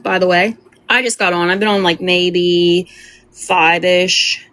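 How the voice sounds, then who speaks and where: A woman's voice: lowish voice, unhurried, fairly bright tone. A woman streamer reacting to a clip, roasting the speaker with mocking, teasing commentary. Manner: teasing, roasting, exaggerated squeals.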